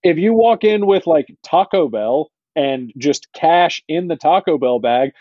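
A man co-hosting a casual sports podcast, talking haltingly with many fillers. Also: on the high side, animated, no room sound, highs cut off. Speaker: podcast co-host.

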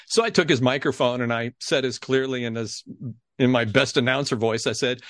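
A middle-aged man, a podcast guest, telling a story in a lively way and acting out the people in it. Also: mid-range voice, fairly quick, no echo, studio quality. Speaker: podcast guest, game show announcer. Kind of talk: animated storytelling.

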